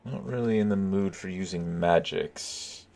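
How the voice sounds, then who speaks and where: A man giving relaxed, chuckling commentary while playing a video game for viewers. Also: low voice, measured pace, vocal fry. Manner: laid-back, chuckling, talking to viewers. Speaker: let's play gamer. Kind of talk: casual gameplay commentary.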